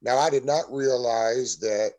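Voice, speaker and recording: A man guesting on a casual sports podcast, speaking in a measured, matter-of-fact way. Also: medium pitch, darkish tone.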